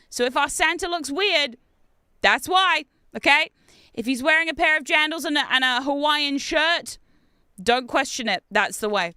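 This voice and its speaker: An Australian woman streaming a game, chatting casually with viewers in an excitable, talkative way and laughing often. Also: sits high, no room sound, clean studio sound. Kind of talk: casual gameplay chat with viewers.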